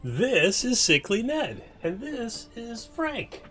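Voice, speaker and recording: A man's voice: very high voice, big pitch swings, slow, a bit bright, faint music behind, voice pushed up, exaggerated voice. A man voicing a cheerful, talkative male pirate crewman in a tabletop game. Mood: cheery. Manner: friendly, winking, talkative.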